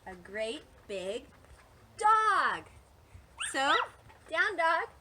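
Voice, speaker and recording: Woman leading family yoga: high, bright, sing-song voice, slow and playful, singing and making animal sounds. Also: sing-song, slight background noise. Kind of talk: playful kids' yoga instruction with songs and a story.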